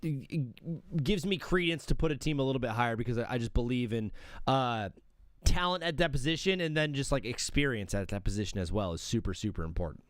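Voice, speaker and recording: Ranking teams on his live sports show, this young man talks fast at a medium pitch with lively intonation. It's loose stream-style commentary where he wanders off track, interrupts himself, and thinks aloud as he works. The sound is dry and studio quality.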